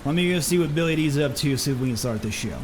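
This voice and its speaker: A man with a lively, slightly high voice runs a gaming stream and cracks jokes between matches. Heavy rain noise drowns much of the background. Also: quick pace. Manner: playful, joking banter. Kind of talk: casual gaming stream chat.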